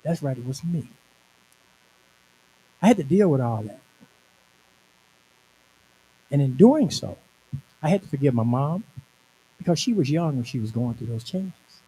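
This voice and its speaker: A man's voice: medium pitch, expressive, normal speed, long pauses, dark tone, rough recording. Man in his sixties preaching a testimony. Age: 60s. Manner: conversational storytelling, emphatic. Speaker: minister. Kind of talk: personal testimony sermon. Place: conference venue.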